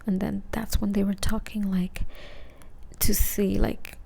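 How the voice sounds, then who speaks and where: A young woman telling a rambling ASMR story in a mostly whispered voice, casual and full of "like" and swearing, while high. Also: level tone, measured pace, creaky, mellow.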